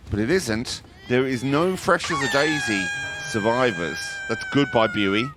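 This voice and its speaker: A man giving live commentary on a competitive online match, chatty and jokey, breaking into excited high exclamations. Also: a little slow, hardly any pauses, a little hiss or hum. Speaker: esports commentator.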